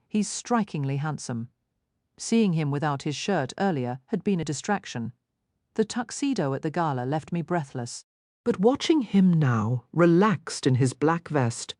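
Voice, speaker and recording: A woman reads a first-person romance audiobook, her voice low yet lively, swinging widely in pitch. Her delivery is intimate and expressive. The recording is close and dry, with no room around it. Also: no echo. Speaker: audiobook narrator.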